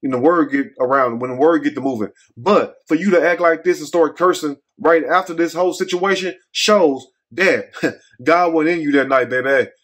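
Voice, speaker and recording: A man's voice: on the high side, moderate pace, fairly bright tone. A man hosting a commentary vlog, talking in a folksy, scolding, preachy way. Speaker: host.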